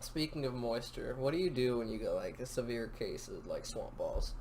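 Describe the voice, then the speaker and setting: A man's voice: mid-range voice, expressive, moderate pace, darkish tone, slight background noise. A young man co-hosting a podcast, teasing his friends and cracking crude jokes. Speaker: podcast co-host. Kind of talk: casual chat.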